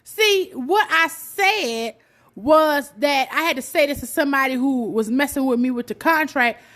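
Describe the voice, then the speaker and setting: A woman's voice: high voice, a little slow, a bit bright. A woman bantering with her son on her podcast, exclaiming and playfully scolding him. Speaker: podcast host and mother.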